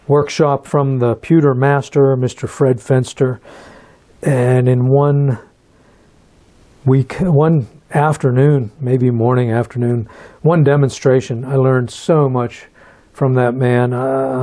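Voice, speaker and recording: A man teaching metal forging in a hands-on demonstration, talking in a relaxed and halting way and repeating words while he works. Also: mid-range voice. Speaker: metalsmith instructor.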